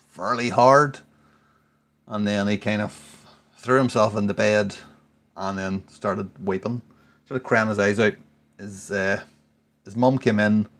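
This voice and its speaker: A man in his forties, a little tipsy, telling a rambling, sweary story in casual chat. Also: on the low side. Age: 40s. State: tipsy from drinking beer. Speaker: podcast regular.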